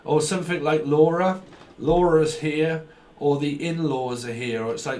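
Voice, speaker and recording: A man's voice: a little high, normal speed, darkish tone. A man giving a rambling tarot reading, full of wordplay, snatches of song and silly voices. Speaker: tarot reader.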